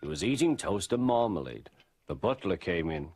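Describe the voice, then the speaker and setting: A man reading a storybook aloud in a measured, expressive way. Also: low voice. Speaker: narrator. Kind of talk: storybook narration.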